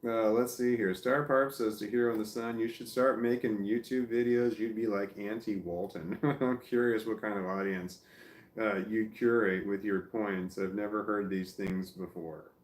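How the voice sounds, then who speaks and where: A man with a fairly low voice reads viewer comments aloud on his livestream and reacts to them, swearing freely and flaring into angry rants. The sound is roomy and echoey. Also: steady tone, moderate pace. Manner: swears a lot, flares into angry ranting. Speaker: livestream host reading chat. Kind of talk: casual livestream chat.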